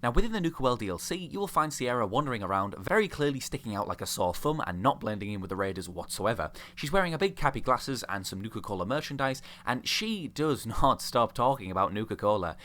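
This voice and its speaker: A man's voice: medium pitch, very animated, fast, hardly any pauses, pushed and bright. A young man giving sarcastic, ranting commentary on a video game, mocking the characters he talks about. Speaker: video host.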